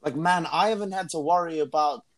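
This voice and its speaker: A man's voice: fairly high pitch, a little fast. A young man from Africa, chatting casually and rambling through his stories with frequent restarts. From South Africa. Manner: rambling, self-correcting. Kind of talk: casual chat.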